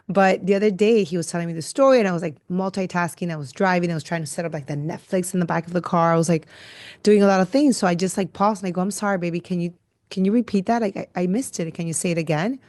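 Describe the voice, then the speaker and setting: A woman's voice: lowish voice, darkish tone, no room sound. A woman co-hosting a podcast from a studio, chatting casually and rambling with many "like"s. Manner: rambling, lots of "like". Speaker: podcast co-host. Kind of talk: casual chat. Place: recording studio.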